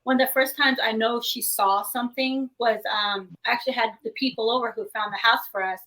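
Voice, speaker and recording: A woman's voice: on the high side, brisk, low-quality recording. A middle-aged woman, a paranormal investigator, telling stories in an interview and acting out the voices of the people in them. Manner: animated storyteller, acts out quoted voices. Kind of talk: casual interview storytelling.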